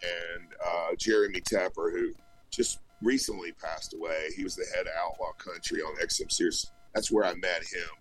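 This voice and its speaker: A man with a fairly low voice tells a long, winding story as an interview guest. He restarts sentences and leans on "you know" as he goes. The remote-call line carries faint music behind him. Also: normal speed, a bit bright, rough recording. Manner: rambling, chatty, many restarts and "you know". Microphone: remote call connection.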